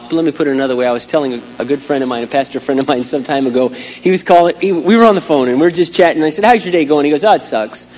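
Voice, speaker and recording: A middle-aged man preaching a sermon as a pastor, swinging from quiet asides to loud, emphatic outbursts. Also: a little high, dull audio. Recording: long hall reverb, faint hum.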